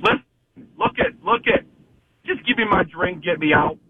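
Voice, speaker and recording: A man's voice: sits high, wildly swooping pitch, moderate pace. A man calling a radio show with an exasperated complaint, heard over a phone line. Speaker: caller. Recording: tinny phone line, faint noise.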